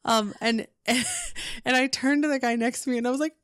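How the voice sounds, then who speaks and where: A woman guest in a casual podcast chat, bubbly and given to squealing when she quotes her own excitement. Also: high voice, normal speed, dry recording, clean studio sound.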